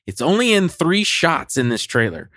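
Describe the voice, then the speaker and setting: A man's voice: a little high, very animated, normal speed, pushed and bright, no room sound, studio quality. A man co-hosting a podcast, ranting cynically in casual chat, swearing and laughing often. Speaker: podcast co-host.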